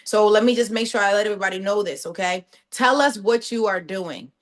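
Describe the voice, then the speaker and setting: A woman's voice: mid-range voice, fairly quick. A woman, a sales coach hosting a team training call and cheering on her members. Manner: energetic, encouraging, says "y'all".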